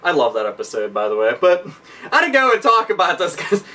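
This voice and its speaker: A man's voice: high-pitched, huge pitch swings, quick pace, bright, forceful tone, recorded from a distance. A man ranting in a profane, rambling comedic commentary, laughing often. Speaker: vlogger.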